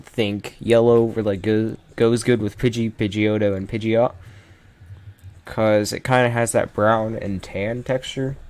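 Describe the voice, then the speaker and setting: Guy chatting slow and loose, joking around, trails off a lot, dry mic. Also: medium pitch, a little mellow, no room sound. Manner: rambling, jokey, trails off mid-sentence. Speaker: YouTuber ranking Pokémon. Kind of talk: casual commentary.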